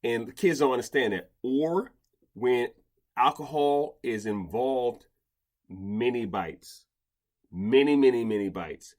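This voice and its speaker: A man's voice: mid-range voice, slow pace, a little mellow. A man hosting a casual podcast chat, talking in rambling bursts with many restarts and stammers. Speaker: podcast host, dog behavior expert.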